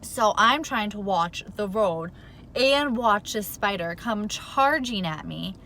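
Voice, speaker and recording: A woman's voice: mid-range voice, slow pace, a little hiss or hum. A woman telling a rambling storytime vlog, flustered and worked up, saying "like" constantly. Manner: animated, rambling, says "like" a lot. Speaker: vlogger. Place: in her car.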